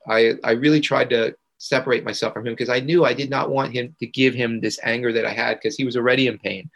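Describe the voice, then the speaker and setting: A man, a guest on a podcast, earnestly telling a personal story and emphatically repeating key words. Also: medium pitch. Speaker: podcast guest, integration coach.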